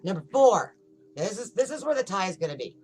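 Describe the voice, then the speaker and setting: A man's voice: sits high, big pitch swings, fast. A man co-hosting a casual podcast chat, rambling and laughing as he loses his place. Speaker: podcast co-host. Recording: noisy room ambience.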